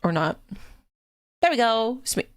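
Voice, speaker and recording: A woman's voice: a little high, sing-song, unhurried, no room sound, clean studio sound. A woman streamer chatting casually on a live stream. She is giggly and swears freely, talking into a desk mic at home.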